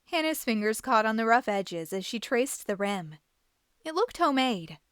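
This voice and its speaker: A woman hosting a reading show, reading a children's book aloud in an expressive, animated way. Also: on the high side, moderate pace, clear, resonant tone, no room sound, studio quality. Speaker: host and storybook reader.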